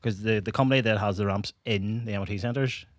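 A podcast co-host talking through a long explanation, dropping in "aye". His voice sits low and the sound is dry and close. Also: brisk, dry recording. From Northern Ireland. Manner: explains at length, says "aye". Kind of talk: casual chat.

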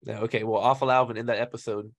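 Fast-talking, eager podcast host. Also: male voice, medium pitch, little pitch movement. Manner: eager fan, enthusiastic. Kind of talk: casual interview.

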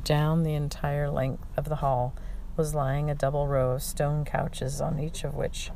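A narrator reading a memoir aloud in a slow, reflective way, often stumbling and restarting words. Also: medium pitch, flat delivery, gravelly, warm tone, a little hiss or hum.

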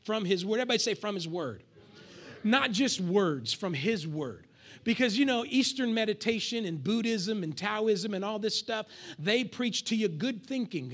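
Here a male preacher, voice pitched high, works his congregation with a spirited sermon at an ordinary pace. He uses call-and-response and performs little acted asides along the way.

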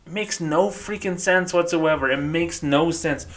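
A man's voice: fairly high pitch, a little slow, fairly bright tone. A man hosting a solo podcast, ranting casually with frequent swearing and restarts. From New Mexico, United States. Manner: profane, exasperated, rambling. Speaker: podcast host.

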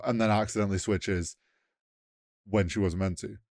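A man's voice: on the low side, fairly even intonation, normal speed, darkish tone, dry recording, studio quality. A man co-hosting a podcast, casually retelling film scenes with acted-out lines and laughs. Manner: rambling, acts out scenes with quoted lines, laughs often. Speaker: podcast co-host. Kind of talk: casual film review chat.

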